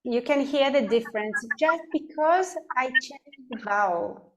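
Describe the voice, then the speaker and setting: Woman, singing teacher, online class, slow speech, bright voice, sings sample words. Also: high-pitched, lively intonation. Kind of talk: online vocal technique class.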